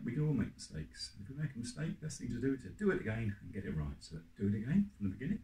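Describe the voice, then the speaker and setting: A man's voice: mid-range voice, big pitch swings, racing, hardly any pauses, warm tone. Encouraging male music teacher, echoey room. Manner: upbeat, encouraging, counts in and sings along. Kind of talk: online music lesson for children. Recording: echoey room with faint noise.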